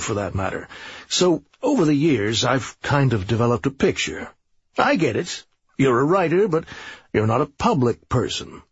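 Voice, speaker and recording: A man voicing a cautious, long-winded male attorney in an audiobook, speaking in an earnest, measured way. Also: medium pitch, slightly rough, no room sound, muffled recording, heavily acted.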